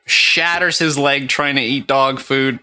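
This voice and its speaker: A man's voice: medium pitch, fairly even intonation, measured pace, pushed and bright. A man co-hosting a casual comedy chat, dry and wisecracking. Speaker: comedy podcast co-host.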